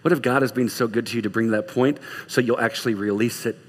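A man preaching a sermon as pastor, lively and urgent, dropping at times to soft, hushed lines. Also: medium pitch, fast talker. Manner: animated, swings from loud urging to soft hushed lines. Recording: long reverb of a large hall.

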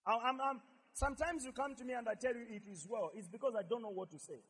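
A man preaching a sermon as pastor, emphatic and repetitive, swinging from shouts to quiet asides. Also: very high voice, fast, breathy edge, in a large hall.

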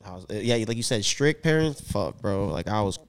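A man's voice: fairly low pitch, moderate pace, clean tone. A man co-hosting a podcast, telling stories in casual slang and acting out what people said. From Filipino family. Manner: animated slangy storyteller, acts out quotes. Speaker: podcast co-host. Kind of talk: casual chat, storytelling.

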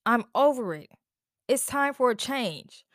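A woman's voice: a little high, expressive, a little slow, fairly bright tone, dry recording, clean studio sound. A woman with children hosting a podcast, ranting in an angry, exasperated way, worn out and upset, swearing and repeating her questions. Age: adult with children. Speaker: podcast host. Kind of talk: impassioned solo podcast rant.

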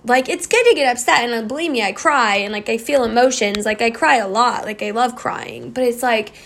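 Young woman host, relaxed reflective talk, lots of fry, meandering delivery. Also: a little high. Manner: rambling, heavy use of "like" fillers. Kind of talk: casual reflective monologue.

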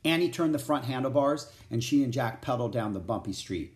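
A man reads a children's chapter book aloud in a clear, steady storytelling voice. His pitch moves lively through the narration, at a middling register. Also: brisk.

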